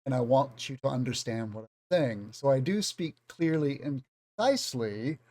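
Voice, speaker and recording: A man with a Southern US accent, teaching English off the cuff in a relaxed online video lesson. He speaks at a mid pitch and talks conversationally, rambling a little, with asides about his own habits. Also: moderate pace. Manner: rambling, conversational, self-aware.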